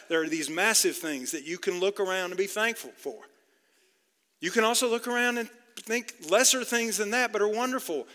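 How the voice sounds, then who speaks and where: A man's voice: high-pitched, pushed and bright, long reverb tail. A male pastor preaching a sermon in an earnest way, with many restarts and repeated words.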